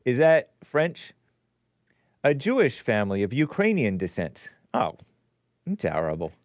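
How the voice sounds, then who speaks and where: A man hosts a streamed commentary show, needling his targets with sarcastic, mocking remarks. His voice is smooth and resonant. The sound is dry and close to the mic. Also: mid-range voice, sing-song, unhurried, no room sound. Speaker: host.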